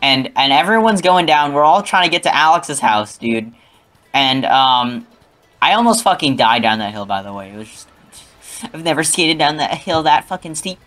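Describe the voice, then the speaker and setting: A man's voice: on the high side, expressive, moderate pace, fairly bright tone, faint music behind. A young man telling a rambling, profane story in casual talk, often adding "okay?".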